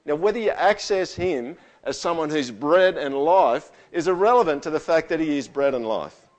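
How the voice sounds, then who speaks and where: Pastor preaching, soft to booming. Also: male voice, expressive, moderate pace. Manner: preaches with big swings, booming quotes then dropping to near-whispers; asks the congregation for agreement. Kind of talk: sermon. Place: church hall with live sound. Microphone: stage microphone through a sound system.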